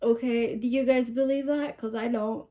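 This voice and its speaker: A woman's voice: on the high side, fairly even intonation, moderate pace, dark tone. A woman hosting a casual commentary channel, musing aloud and asking rhetorical questions.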